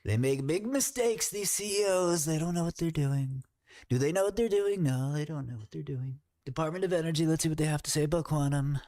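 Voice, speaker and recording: A man's voice: mid-range voice, warm tone, pitched above the performer's own voice, lightly acted. A man putting on a boastful older male politician who rambles and repeats himself.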